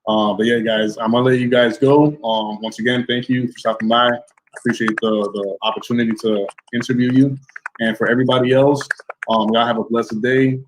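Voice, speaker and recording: A man's voice: medium pitch, little pitch movement, a little fast, slight background noise, rough recording. A man hosting a livestream interview, thanking and blessing his viewers effusively. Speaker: host. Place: home setup in Florida.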